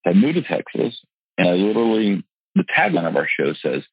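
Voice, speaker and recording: A man with a very low, gravelly, husky voice tells his life story in an interview. He is earnest and emphatic, stumbling into restarts and leaning on his words. The recording is dull and dry. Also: big pitch swings, fairly quick, no echo. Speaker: real estate investor and seminar teacher. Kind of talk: candid personal storytelling in an interview.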